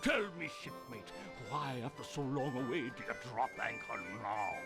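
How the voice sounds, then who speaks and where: An actor playing a gruff, boastful old male pirate barkeep in a video game, speaking in salty pirate slang with a gravelly drawl. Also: mid-range voice, normal speed, lightly acted. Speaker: game character. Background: game music.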